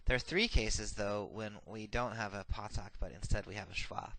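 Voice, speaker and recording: A man teaching a recorded grammar lesson, reciting verb paradigms slowly and methodically with frequent filler sounds. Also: on the low side, creaky, sharp tone, no echo, rough recording. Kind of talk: recorded lecture.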